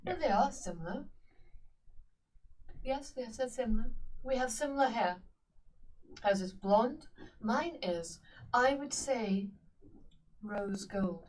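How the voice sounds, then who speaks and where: A woman's voice: on the high side, lively intonation, slow, long pauses, darkish tone, recorded from a distance. Earnest literal-minded woman, off-mic. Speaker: player. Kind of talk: in-character tabletop play.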